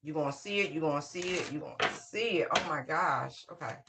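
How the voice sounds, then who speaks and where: A woman's voice: low voice, a little fast, very noisy. Emphatic, outspoken woman reading tarot. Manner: emphatic, repeats phrases, swears freely; excitable outbursts with whoops. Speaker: tarot reader. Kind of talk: casual spiritual reading monologue.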